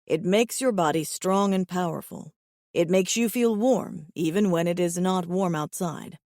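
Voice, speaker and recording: A gentle, earnest male alien suitor, as a woman narrator puts him on in a lowered, softened voice. He speaks slowly and gravely, each word weighed, in a dry close recording with no room around it. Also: no room sound, natural voice. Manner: slow grave measured speech. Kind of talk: audiobook character voice.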